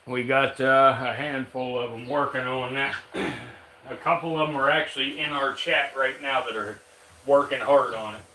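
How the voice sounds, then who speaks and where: A man's voice: mid-range voice, steady tone, moderate pace, pushed and bright, slight background noise. A man streaming live with his reptiles, chatting casually with viewers and teasing his snakes like buddies.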